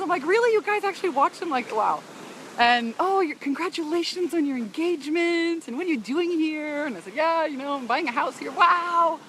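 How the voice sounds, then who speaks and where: A woman with a high voice streams live to her followers as she walks along a beach. She talks in an effusive, emotional way, laughs and sighs often, and greets viewers by name. Faint outdoor noise and passing cars sit behind her voice. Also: fairly bright tone. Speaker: business coach broadcasting live to followers. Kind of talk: casual live-stream chat.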